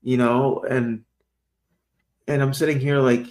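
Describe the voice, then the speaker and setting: Excited man retelling a story, stumbling over words. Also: mid-range voice, takes it slowly. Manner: excited storytelling, many restarts. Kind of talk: casual podcast chat.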